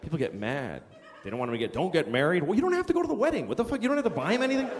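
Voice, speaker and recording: A man's voice: high-pitched, wildly swooping pitch, racing, darkish tone. A man performing a stand-up comedy routine in an incredulous, profane rant. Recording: reverberant hall with noisy room.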